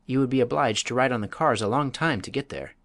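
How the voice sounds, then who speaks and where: A man voicing an anxious, earnest young girl in a storybook reading, lifting his voice high and pleading. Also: fast talker, a bit bright, no room sound, lightly acted. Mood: insistent.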